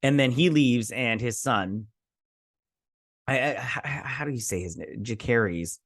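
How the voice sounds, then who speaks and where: A man's voice: medium pitch, a little slow, dry recording, clean studio sound. A man hosting a show, casually recapping a TV episode in a rambling way, full of restarts and loose, profane paraphrases. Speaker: host.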